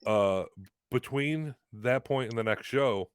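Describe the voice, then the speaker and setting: A man's voice: mid-range voice, takes it slowly, clear, resonant tone, no room sound, studio quality. A man, a wrestler from Western New York, telling a story on a talk show in a casual, rambling way with lots of "like". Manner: rambling, heavy use of "like". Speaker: guest, pro wrestler.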